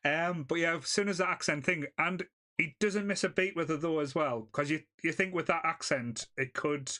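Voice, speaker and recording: A man's voice: on the high side, moderate pace, sharp tone. A man from England chatting casually on a film podcast, laughing often and swearing freely. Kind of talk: casual chat.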